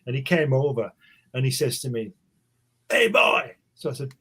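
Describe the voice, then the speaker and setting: An Englishman in his sixties spins a loose anecdote. He talks in a halting, rambling way, stops often and circles back over his words. His pitch and pace sit right in the middle. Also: darkish tone. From England. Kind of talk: casual storytelling chat.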